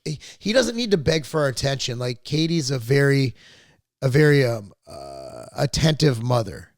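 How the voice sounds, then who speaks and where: A man's voice: mid-range voice, very animated, normal speed, dry recording. A middle-aged man hosting a podcast, telling family stories in a rambling, profane, casual way. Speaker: podcast host. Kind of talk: casual chat.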